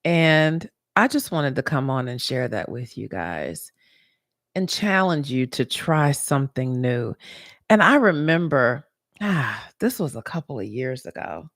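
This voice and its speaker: Lively, low-voiced woman sharing a story. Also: measured pace, no room sound, studio quality. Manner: animated storytelling, voice jumps high when retelling her own thoughts. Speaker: podcast host. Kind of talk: casual motivational monologue.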